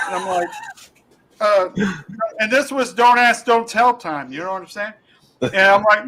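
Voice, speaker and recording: A man with a high, bright voice, chatting as a comedian guest on a podcast. He rambles through his stories with plenty of fillers and restarts, laughing along as he goes. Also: normal speed, low-quality recording. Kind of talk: casual podcast chat, telling funny stories.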